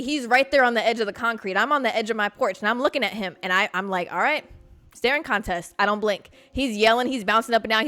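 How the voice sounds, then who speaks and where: A woman hosting a podcast, telling a story in a casual, animated, profane way. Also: a little high. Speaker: podcast host.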